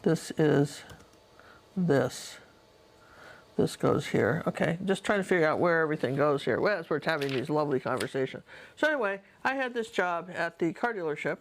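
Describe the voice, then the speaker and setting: Chatty low-voiced woman telling stories. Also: animated, moderate pace. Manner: chatty, digressive, talks straight to the viewer. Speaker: painter and storyteller. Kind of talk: casual storytelling while painting.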